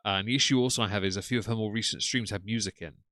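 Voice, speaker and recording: A man's voice: fairly low pitch, racing, bright, forceful tone, no room sound. Sardonic man streaming live. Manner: sardonic, mocking asides to chat. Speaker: streamer reacting to clips. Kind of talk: casual live-stream commentary. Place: home room. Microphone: desk microphone.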